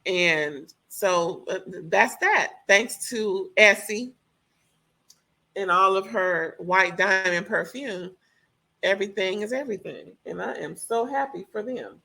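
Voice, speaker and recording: A woman reviewing a reality TV reunion in casual chat, animated and opinionated, swearing freely. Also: mid-range voice, slow, creaky.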